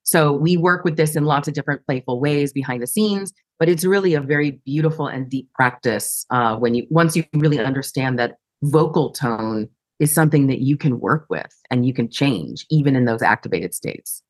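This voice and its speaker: A woman's voice: very deep voice, moderate pace, hardly any pauses, no room sound. A woman guest on a podcast interview, explaining her teaching in an earnest, reflective way. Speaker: guest, sales educator.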